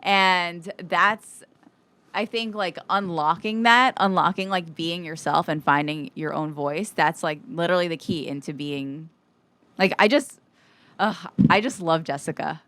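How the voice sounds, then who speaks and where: A woman's voice: fairly low pitch, a little slow, sharp tone, no echo. A woman hosting a podcast, talking in a gushing way with lots of "like". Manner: gushing, filler-heavy with lots of "like". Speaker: podcast host. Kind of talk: casual podcast chat.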